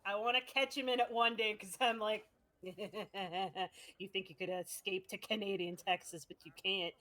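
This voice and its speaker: A woman player at a tabletop game, chatting casually with quick asides and laughs. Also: medium pitch, fairly even intonation, fairly bright tone.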